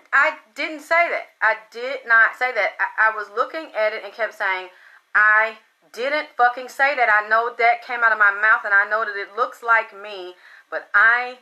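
A woman holding forth to her audience in a loose, profane monologue. Her voice sits a little high, with a bright, tense, forceful bite. She stumbles over her own words and repeats herself as she gets excited. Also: poor audio. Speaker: spiritual reader and channel host. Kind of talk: casual storytelling monologue.

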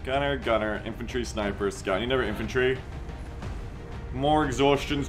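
A man's voice: medium pitch, moderate pace, music in the background. A man streaming a strategy game, joking and swearing as he reads chat messages aloud and riffs on them. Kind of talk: casual gameplay commentary.

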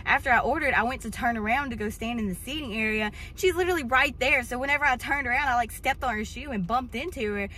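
Chatty female vlog co-host, fairly high voice, light road hum behind. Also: fast, few pauses. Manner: chatty, animated storyteller. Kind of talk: casual vlog storytelling.

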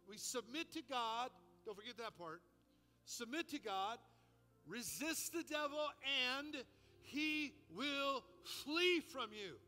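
A man's voice: extremely high pitch, bright, forceful tone. A man preaching a sermon as pastor, impassioned and commanding, in a church sanctuary. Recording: music under a reverberant hall.

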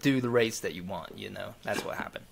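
A man's voice: fairly low pitch, brisk, vocal fry, background noise. A young man co-hosting a podcast, talking in a loose, rambling way with lots of asides. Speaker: podcast co-host. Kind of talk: casual chat.

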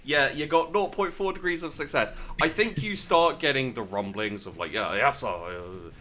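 British game master, lively bright voice. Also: male voice, on the high side. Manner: casual, halting with fillers, laughing. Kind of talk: narrating a tabletop game.

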